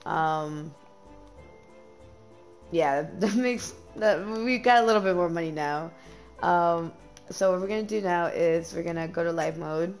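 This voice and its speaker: Young woman, gameplay streamer, casual chatter, gravelly, lots of ums. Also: lowish voice, a little slow, long pauses, faint music behind. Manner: chatty, frequent ums, easily dismayed.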